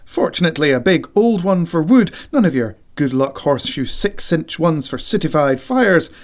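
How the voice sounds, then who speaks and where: A man reading a novel aloud with dramatic, deliberate delivery and whispered sound effects. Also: on the high side, lively intonation. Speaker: audiobook reader. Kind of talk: expressive literary reading.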